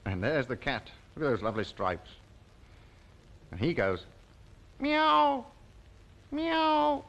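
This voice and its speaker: A man presenting a children's TV show, talking gently and slowly to young viewers and coaxing them to join in. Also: lowish voice, expressive, muffled recording. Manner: slow, coaxing, sing-song, invites the viewer to join in. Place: television studio.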